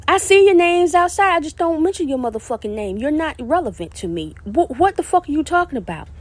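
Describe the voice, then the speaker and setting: High-voiced, profane woman ranting. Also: very animated, brisk, few pauses. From South Carolina. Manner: profane, confrontational, insulting. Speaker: podcast host. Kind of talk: angry solo podcast rant.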